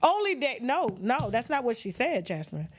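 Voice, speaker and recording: A woman's voice: fairly high pitch, very animated, moderate pace. A woman giving dramatic livestream gossip commentary, acting out what others said in shifting voices.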